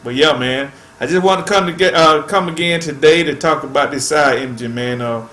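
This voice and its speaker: A man's voice: a little high, brisk, fairly bright tone, roomy sound. A man hosting a fishing channel, chatting casually to viewers in a laid-back way and tacking "man" onto nearly every phrase.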